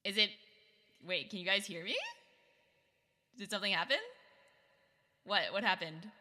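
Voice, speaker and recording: A woman's voice: mid-range voice, normal speed, pushed and bright, in a large hall. A woman streamer chatting casually with her viewers, giggling often and reacting to chat.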